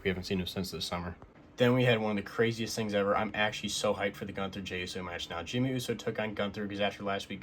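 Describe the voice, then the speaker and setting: A young man with a lowish voice talks through a casual recap vlog, excited and rambling, often stopping to restart a phrase. A faint noise sits under the recording. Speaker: wrestling figure collector recapping the week.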